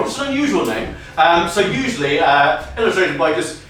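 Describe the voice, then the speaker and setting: A man telling an improvised comic story on stage, energetic and often laughing as he riffs on audience prompts. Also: a little high, a little fast. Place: comedy venue stage. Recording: echoey room from far off, faint noise.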